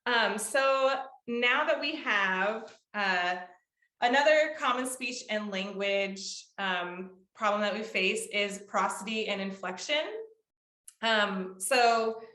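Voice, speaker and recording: A woman's voice: mid-range voice, takes it slowly, sharp tone. Young woman therapist explaining, echoey room. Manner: explanatory, with many ums and sung demonstrations. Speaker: music therapist. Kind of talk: presentation to a support group.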